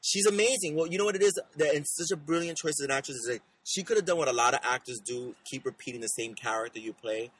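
A man co-hosting a podcast, chatting in an animated, gushing way about TV shows, rambling with restarts. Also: on the high side, quick pace, few pauses, slightly rough, low-quality recording. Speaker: podcast co-host. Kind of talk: casual chat about TV shows.

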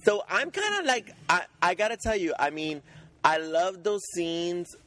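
A man co-hosting a casual podcast from a parked car, gushing and animated, often restarting his sentences. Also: sits high, measured pace, dry recording. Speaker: podcast co-host. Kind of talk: casual chat about soap operas.

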